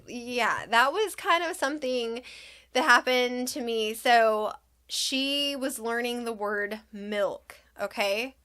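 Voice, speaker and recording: Slow-talking bright-voiced young mom. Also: female voice, on the high side. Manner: animated, acts out quotes, laughs often. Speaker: vlogger. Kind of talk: casual storytelling to viewers.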